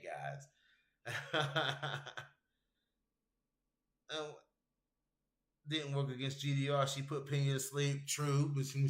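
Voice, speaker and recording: A man's voice: medium pitch, a bit bright, echoey room. A man hosting an MMA show, chatting casually and rambling with viewers, with loose, profane talk. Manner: loose, rambling and profane, reads chat messages aloud. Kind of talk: casual livestream chat with viewers.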